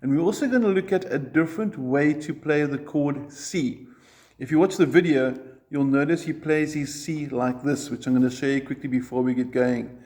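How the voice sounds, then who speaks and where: A man's voice: medium pitch, moderate pace, darkish tone. A man teaching a ukulele lesson, explaining chord shapes step by step and counting strums aloud. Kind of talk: music lesson.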